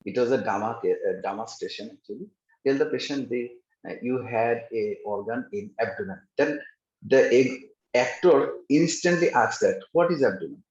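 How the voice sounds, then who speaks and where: A man describing his exam experience in a casual interview over a video call, halting, with many pauses and fillers. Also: mid-range voice, a little mellow. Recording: roomy, dull call audio.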